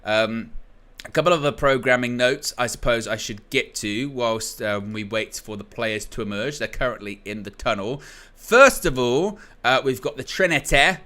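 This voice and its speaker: A young man hosts a live football watchalong, chatting loosely and reading viewer comments aloud with a light, jokey touch. His voice is bright and forward, with an even middle pitch. He talks in a relaxed, off-the-cuff way, full of little asides. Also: normal speed, hardly any pauses. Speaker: host of a football watchalong stream. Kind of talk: casual live-stream chat.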